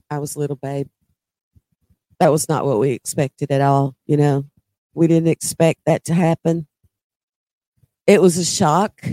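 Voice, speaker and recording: Woman storyteller, unhurried drawl, dry close sound, measured pauses. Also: deep voice, warm tone, no room sound. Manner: slow, deliberate, dramatic pauses. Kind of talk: personal paranormal storytelling.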